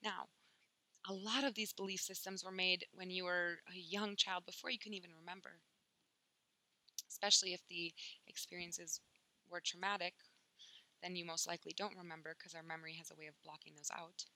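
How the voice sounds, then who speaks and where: Woman, spiritual teacher, bright tone, emphatic and casual, swears freely. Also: lowish voice, level tone, a little fast, dry recording, rough recording. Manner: emphatic, swears casually, acts out inner voices.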